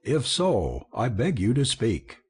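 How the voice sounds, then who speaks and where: A man's voice: mid-range voice, wildly swooping pitch, takes it slowly, slightly rough, full character voice. A man doing a solemn old-style general. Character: earnest Civil War general, solemn.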